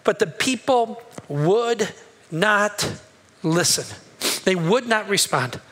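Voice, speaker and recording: A man's voice: high-pitched, lively intonation, takes it slowly, a bit bright, rough recording. A male pastor giving a sermon in a church, impassioned and conversational, asking the congregation questions.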